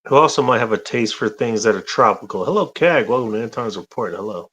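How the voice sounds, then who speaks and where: A man's voice: on the low side, lively intonation, fast talker, fairly bright tone, slightly rough, low-quality recording. A man from the United States hosting a casual chat, rambling and joking with many restarts. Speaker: host.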